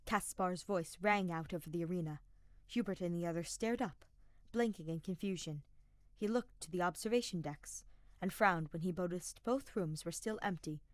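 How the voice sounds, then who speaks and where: A woman reading fan fiction aloud as a podfic narrator, with an even storytelling delivery. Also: lowish voice, normal speed, no room sound, clean studio sound. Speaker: podfic reader.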